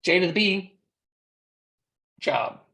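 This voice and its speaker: In a gravelly, pushed, bright voice of medium pitch, an American-accented interpreter speaks slowly and expressively for a sign language instructor in class. The lecture is conversational, full of rhetorical questions to the students.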